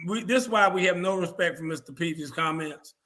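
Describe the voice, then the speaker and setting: A man's voice: sits high, fairly quick, a bit bright. A man hosting a casual sports talk show, ranting bluntly with plenty of profanity. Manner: mimics others in quoted asides. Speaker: show host.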